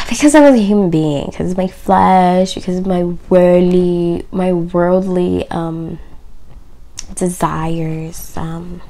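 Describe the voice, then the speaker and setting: A woman with a lowish, warm voice speaks slowly and openly to camera about her faith. Her phrasing is emphatic yet keeps sinking to a near whisper as she hosts the video.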